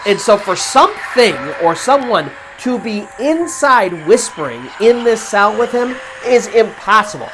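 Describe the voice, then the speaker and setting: A woman host narrating a horror story in a casual, conversational way, with pauses for suspense. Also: on the high side, very animated, noisy background. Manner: conversational, with fillers and restarts, dramatic pauses.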